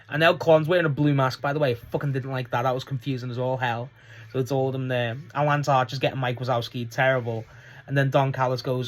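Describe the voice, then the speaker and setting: A man's voice: mid-range voice, brisk. A man giving a casual, rambling solo review of a wrestling show, swearing and laughing as he goes.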